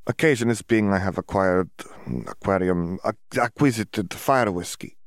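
A man reading aloud and voicing an awkward, cheerful young wizard from abroad who speaks halting, broken English and stammers while hunting for words. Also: on the low side, dry recording, clean studio sound, close to an everyday voice.

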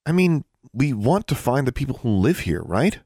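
A woman's voice: extremely low pitch, very animated, normal speed, dark tone, slightly rough, no echo, studio quality, voice pushed up, full character voice. A man voicing a curious, eager young witch girl who keeps asking questions.

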